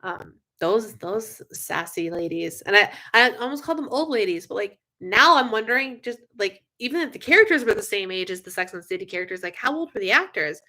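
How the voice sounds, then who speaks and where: A young woman hosting a casual live stream, chatting with viewers in an animated way, with lots of fillers and frequent yawns. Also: medium pitch, brisk, hardly any pauses. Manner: chatty, animated, yawning often, many fillers. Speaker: livestream host.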